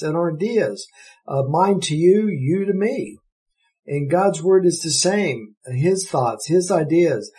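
A man's voice: a little high, a little mellow, low-quality recording. A man teaching the Bible verse by verse, explaining Greek words with eager enthusiasm.

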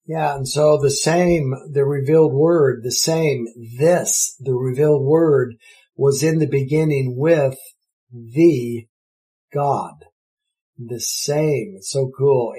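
A man's voice: mid-range voice, darkish tone, rough recording. A man teaching the Bible verse by verse, explaining Greek words with eager enthusiasm.

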